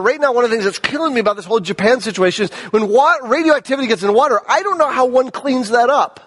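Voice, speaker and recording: A man preaching a sermon with a high-pitched voice. He sounds animated, dropping to hushed lows and climbing to raised, emphatic peaks. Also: fast, hardly any pauses. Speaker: pastor.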